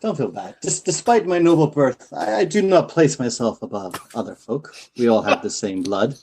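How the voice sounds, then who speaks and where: A man playing a rakish, flirtatious nobleman who speaks in florid, courtly flattery. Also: mid-range voice, moderate pace, slight background noise, close to an everyday voice, poor audio.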